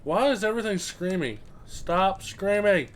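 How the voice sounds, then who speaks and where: A man doing let's play commentary, excitable, swearing often and chattering to the things in the game. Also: high-pitched, a little slow, slight background noise. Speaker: gameplay commentator.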